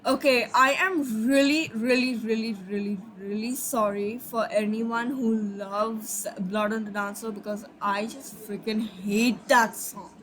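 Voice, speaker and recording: A woman's voice: a little high, fairly even intonation, measured pace, few pauses, a bit bright, slight background noise, poor audio. A sleepy woman casually telling her own fan story, rambling, apologizing and trailing off.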